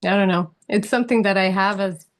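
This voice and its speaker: A woman actress answering interview questions, earnest and halting as she searches for words, laughing easily. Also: medium pitch, steady tone. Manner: earnest, speaks of passion and spirituality. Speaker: actress guest.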